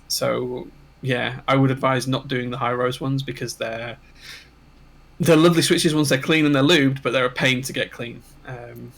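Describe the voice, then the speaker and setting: A man's voice: medium pitch, fairly even intonation, normal speed, vocal fry, fairly bright tone. A man co-hosting a casual livestream, chatty and rambling with frequent ums. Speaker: co-host.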